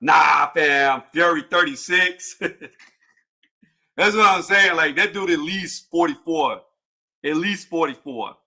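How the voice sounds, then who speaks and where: A man hosting a casual boxing livestream panel, joking loudly and cursing, with frequent laughs and trash talk. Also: on the high side, slow pace.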